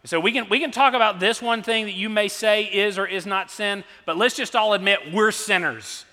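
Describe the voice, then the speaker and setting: A man's voice: high voice, moderate pace, pushed and bright. A middle-aged man preaching a sermon, telling stories in a conversational way with fillers and restarts. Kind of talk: sermon with storytelling. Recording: long reverb of a large hall.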